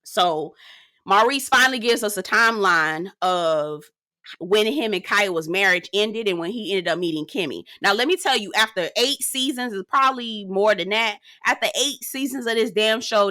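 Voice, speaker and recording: A woman dishing on a reality show with bright, forceful energy and a dry, close sound. She is sassy and outspoken, swears freely and tells it like juicy gossip to her viewers. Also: medium pitch, no echo. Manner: animated, gossipy storytelling. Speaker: reality TV recap host. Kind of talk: casual commentary.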